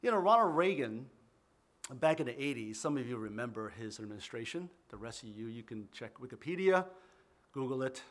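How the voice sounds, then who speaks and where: A man's voice: mid-range voice, lively intonation, fairly quick. A man preaching a sermon and leading prayer, fervent, often repeating words and restarting phrases. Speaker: pastor. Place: church in New York City.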